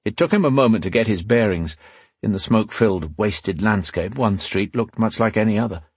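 A man narrating a fantasy novel in a measured, steady storytelling voice. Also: on the low side, husky, dry recording. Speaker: audiobook narrator.

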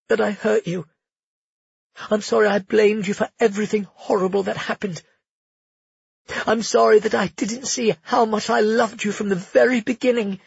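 An emotional young woman pours out her feelings, as a male narrator raises his voice to play her. The tone is breathy and husky, earnest and pleading. It sits dry and a little dull in the recording. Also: dry recording, exaggerated voice. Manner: pleading, earnest, raised pitch for a female part. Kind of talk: audiobook character voicing.

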